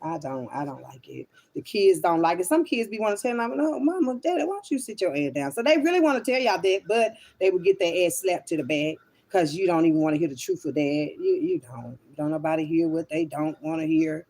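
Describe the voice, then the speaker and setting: A woman's voice: low voice, expressive, fairly quick, few pauses, a little mellow. A woman rambles to her online viewers in a loose, unscripted monologue. She is blunt and swears freely, calling her listeners child and honey as she talks. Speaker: online spiritual reader. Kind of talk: casual livestream monologue.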